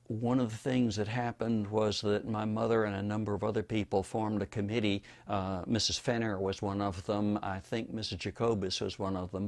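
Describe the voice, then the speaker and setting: An older man from Florida being interviewed for an oral history, telling wry anecdotes in a relaxed storytelling manner. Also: fairly low pitch.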